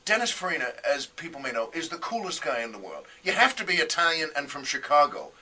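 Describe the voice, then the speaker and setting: Man, radio guest storyteller, animated, acts out quoted voices, bright voice, a bit off mic. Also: fairly high pitch, fast, slightly rough, far from the mic. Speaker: comedian guest.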